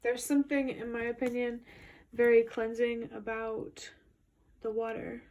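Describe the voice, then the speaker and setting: A woman's voice: a little high, flat delivery, unhurried, darkish tone, lo-fi sound. A woman giving a casual spoken tarot reading, musing her way through intuitive, meandering commentary. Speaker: tarot reader. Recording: voice a bit distant from the mic.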